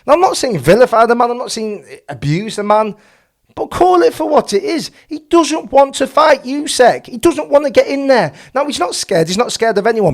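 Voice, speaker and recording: A man's voice: very high voice, expressive, moderate pace. A man hosting a boxing channel, giving passionate, opinionated commentary full of rhetorical questions.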